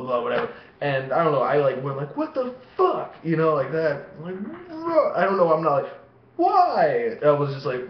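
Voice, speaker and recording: A man's voice: medium pitch, slight background noise. A man telling rambling, profane stories to the camera, often laughing at his own tales. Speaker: vlogger. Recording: echoey room, dull lo-fi sound.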